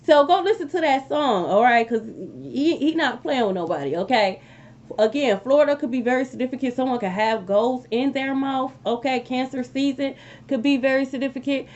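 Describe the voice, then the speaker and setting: A woman giving a casual tarot reading to her viewers, animated and repeating phrases, often checking in with "okay?". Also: high-pitched, brisk, highs cut off. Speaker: tarot reader.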